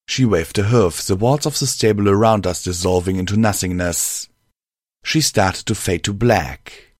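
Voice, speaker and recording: A man reads a first-person story aloud in a measured, unhurried way. His voice sits low, and the recording is dry and close with no room sound. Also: dry recording. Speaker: narrator. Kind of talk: audiobook reading of a fan story.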